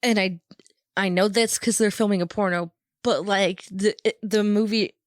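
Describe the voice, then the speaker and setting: A woman's voice: medium pitch, steady tone, moderate pace, dry recording, studio quality. A woman co-hosting a film podcast, agreeable and chiming in with short replies and laughter. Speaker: podcast co-host. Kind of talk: casual film podcast chat.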